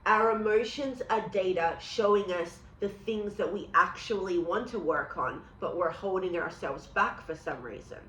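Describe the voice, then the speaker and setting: A woman with a New York accent, guiding an EFT tapping session with calm, measured affirmations for the listener to repeat. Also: lowish voice, a little hiss or hum. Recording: roomy echo.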